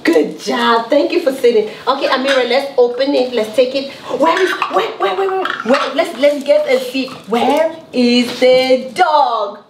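A woman teaching a young child with a slow, sing-song and encouraging manner, full of praise. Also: sits high, roomy sound, noisy background.

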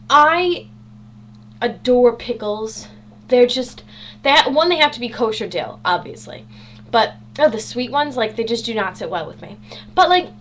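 A bubbly teenage girl vlogging from her room, her voice sitting a little high as she jokes about herself with a dry, sarcastic edge. A faint hum runs under the webcam audio. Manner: bubbly, sarcastic, self-mocking. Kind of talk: casual chatty vlog. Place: home bedroom.

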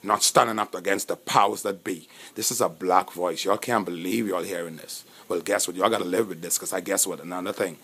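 A man's voice: deep voice, steady tone, a little fast, few pauses, fairly bright tone, breathy edge. Bahamian guy venting, indignant and rambling, keeps restarting sentences. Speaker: self-recorded speaker. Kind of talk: impassioned monologue.

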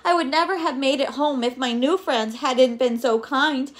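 A woman's voice: sits high, moderate pace, natural voice. A woman doing a whiny greedy little bee. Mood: relieved. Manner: whiny and exclaiming, sing-song storybook voice. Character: greedy selfish little male bee, later scared.

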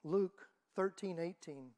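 Woman preaching with dramatic loud-soft swings. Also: on the low side, takes it slowly. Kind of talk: sermon. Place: church.

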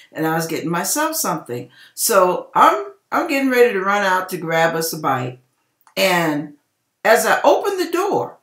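A woman's voice: fairly low pitch, reverberant. An older woman telling a personal testimony in a casual storytelling way, acting out voices as she goes. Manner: animated, acts out voices in the story. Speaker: channel host telling a testimony.

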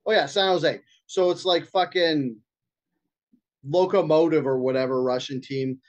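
A man co-hosting a podcast in casual banter, crude and animated, swearing often. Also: on the high side, measured pace, lo-fi sound. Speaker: podcast co-host.

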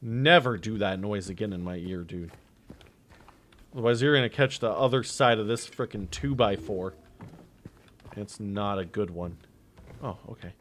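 A man's voice: on the low side, normal speed, long pauses. A young man playing a horror game for his channel, joking with the characters and swearing at jump scares. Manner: jokey, reactive, talks to the game characters; swears and jumps between loud outbursts and muttering. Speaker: gaming YouTuber. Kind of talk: horror game let's play commentary.

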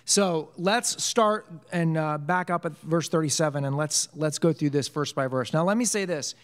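A man's voice: fairly high pitch, normal speed, in a large hall. A man teaching a casual church Bible study, joking with the group and asking it questions. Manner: joking, conversational, quizzes the group. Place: church hall.

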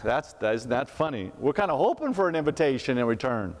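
Pastor preaching in a reverberant church. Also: male voice, mid-range voice, sing-song, brisk, few pauses. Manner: conversational, asks rhetorical questions, repeats words. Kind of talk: sermon. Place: church sanctuary.

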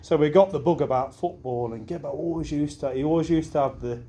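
A young man gives a best man speech at a wedding reception, wandering through anecdotes, laughing at his own tales and cursing casually. He speaks briskly in a fairly high, warm voice, with a little hiss or hum audible.

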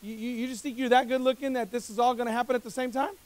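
A male pastor preaching a conversational sermon at a church service, energetic, joking with the congregation and asking rhetorical questions, often repeating words as he speeds up. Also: extremely high pitch, rapid-fire.

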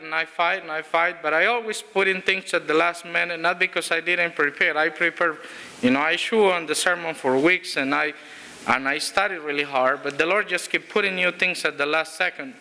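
A man's voice: a little high, vocal fry, pushed and bright, smooth. A man pastor giving a conversational sermon, telling stories with frequent restarts and chuckles. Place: church sanctuary.

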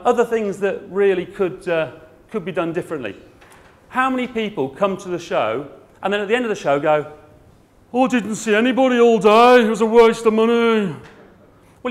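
Blunt comic man giving a talk. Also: high-pitched. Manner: blunt, comic, puts on voices. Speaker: garden centre owner and speaker. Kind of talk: conference talk.

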